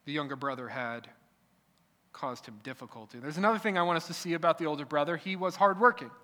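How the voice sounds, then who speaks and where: A male preacher delivers a sermon with emphatic, repeated phrases, often dropping to a quiet, low-key delivery. His voice sits high and sounds bright and forceful. A long echo from a large hall hangs on his words. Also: quick pace. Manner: emphatic, repetitive preaching with sudden drops to quiet. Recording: echoey hall.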